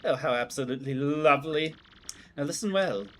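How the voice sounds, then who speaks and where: A man voicing a flirtatious adult woman in a video game, who talks in a purring, flattering, drawn-out way. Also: on the high side, slight background noise, lightly acted. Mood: flirty.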